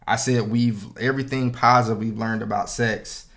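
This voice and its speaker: A laid-back man co-hosting a podcast and chatting casually. His voice is bright and clear at a middling pitch, and he wanders through his thoughts with endless "you know" fillers. He cracks jokes as he goes. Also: steady tone, moderate pace. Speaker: podcast co-host. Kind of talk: casual chat.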